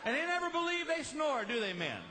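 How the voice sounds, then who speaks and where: A middle-aged man doing a lively stand-up comedy routine, telling stories and acting out quick voices. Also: very high voice. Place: large live venue with audience. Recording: live show with crowd noise.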